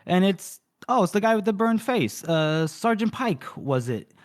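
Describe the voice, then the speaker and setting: A man's voice: high voice, big pitch swings, normal speed. A man co-hosting a podcast, casually retelling a book's chapter with lots of fillers and quoted dialogue. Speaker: podcast co-host. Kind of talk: casual book recap.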